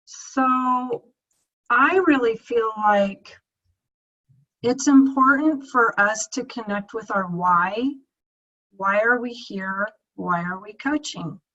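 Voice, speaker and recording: A woman in her fifties gives her team a heartfelt coaching talk, earnest and near tears, repeating herself as she goes. Her voice is on the high side, slow and sharp-toned, and the screen-share video recording has its highs cut off.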